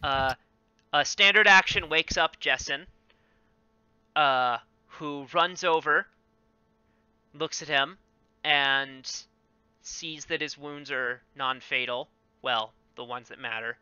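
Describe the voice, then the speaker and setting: A man running a tabletop game as game master, talking haltingly with many ums and self-corrections over a dull lo-fi mic. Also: a little high, sharp tone, clean tone, no room sound.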